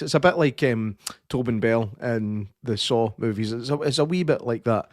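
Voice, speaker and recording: A man's voice: mid-range voice, animated, moderate pace, few pauses, a little mellow, dry recording, studio quality. Sweary Scottish man ranting on a podcast. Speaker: podcast co-host. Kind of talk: casual chat, film review. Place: studio.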